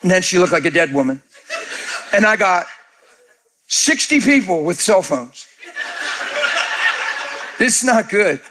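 A man telling lively stories as an interview guest, excitable and laughing often as he acts out the voices of the people in his tales. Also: high voice, slow, pauses often. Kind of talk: animated storytelling.

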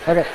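A man with a Texan accent preaching a folksy, conversational sermon and often clearing his throat. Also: noisy background. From Texas.

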